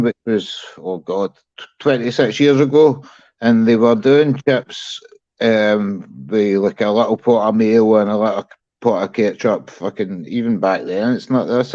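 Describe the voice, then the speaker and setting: A man's voice: medium pitch, darkish tone, no echo. A man in his forties talks casually, hesitant and stumbling over his words as he starts a sentence. The sound is dry with no room to it, and the audio is muffled and lo-fi. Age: 40s. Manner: hesitant, stammering restarts. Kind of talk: casual banter chat.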